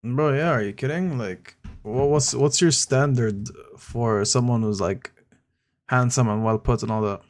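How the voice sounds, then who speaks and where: A man's voice: medium pitch, measured pace. Blunt, slangy young man. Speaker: streamer reacting to chat. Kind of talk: casual chat.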